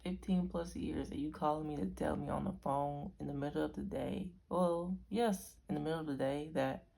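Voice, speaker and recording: A woman's voice: low-pitched, fairly even intonation, normal speed, vocal fry, dark tone. A young woman from Arizona telling a story to camera in a rambling, chatty way that keeps correcting itself. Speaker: vlogger.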